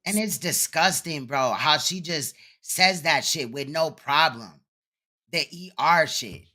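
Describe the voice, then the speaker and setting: A man's voice: fairly high pitch, slow, sharp tone. A man hosting a livestream, talking through a played clip in a conversational, matter-of-fact way. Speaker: host commenting on a clip. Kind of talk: livestream commentary.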